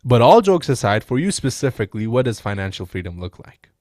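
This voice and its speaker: An animated man with a pitch that leaps up and down as he coaches on sales. He talks in a loose, slangy way, checking in with "right?" and calling people "bro". The sound is dry and close. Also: a little fast, no echo. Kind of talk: casual coaching breakdown.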